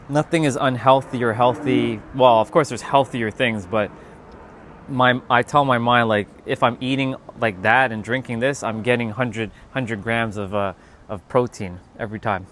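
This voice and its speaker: A man's voice: medium pitch, fairly bright tone, a little hiss or hum. A man hosting a casual livestream, chatting loosely with viewers, joking and swearing as he reads the chat aloud. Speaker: livestream host.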